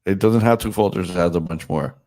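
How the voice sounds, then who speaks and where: A man's voice: low voice, quick pace, darkish tone. A man hosting a casual podcast chat, teasing and swearing freely, with a stuffed-up nose. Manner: profane, joking, teasing. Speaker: podcast host and DJ.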